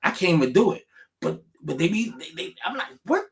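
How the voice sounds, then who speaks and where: A man ranting casually to camera in a rambling, profane, animated way, with many restarts. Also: high-pitched, fairly quick.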